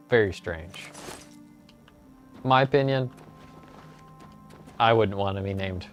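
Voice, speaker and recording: A man giving relaxed, joking commentary while playing a video game, with frequent "uh"s. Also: lowish voice, slow, long pauses. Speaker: let's play host. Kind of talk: casual gameplay commentary. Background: game music.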